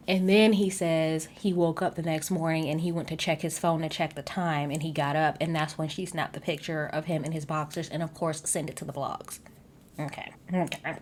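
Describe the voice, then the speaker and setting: A woman casually recapping a reality show episode, sassy and animated, with asides straight to her viewers. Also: low-pitched, normal speed. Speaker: recap vlogger.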